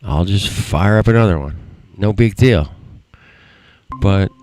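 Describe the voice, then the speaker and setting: A man's voice: sits low, slow, darkish tone. A man hosting his own livestream, ranting bitterly and swearing constantly about running the show alone all year. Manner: profane, rambling, bitter. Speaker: livestream host. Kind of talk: frustrated rant.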